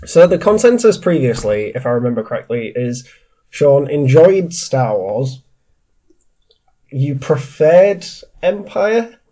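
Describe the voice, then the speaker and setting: A man's voice: medium pitch, very animated, moderate pace, mellow, poor audio. Congested man hosting a podcast. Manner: hesitant, restarts with "uh" and "like". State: stuffy and congested from a cold. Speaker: podcast host. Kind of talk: casual film-review chat.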